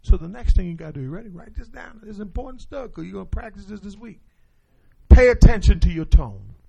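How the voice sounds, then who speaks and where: Lively high-pitched male preacher. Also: fairly quick, gravelly, dull audio, a little hiss or hum. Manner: call-and-response preaching, animated. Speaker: pastor. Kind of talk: sermon.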